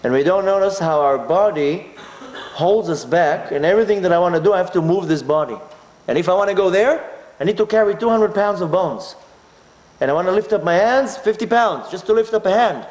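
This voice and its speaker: An Israeli man gives a talk recounting a personal story, animatedly acting out his own inner voice. His voice sits high, and the room sounds echoey.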